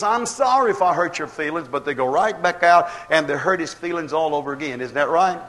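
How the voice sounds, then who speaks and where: A man with a high voice delivers a fervent sermon in a drawl. He drives his points home with rhetorical questions to the congregation and acts out the voices he quotes. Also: a bit bright. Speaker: preacher.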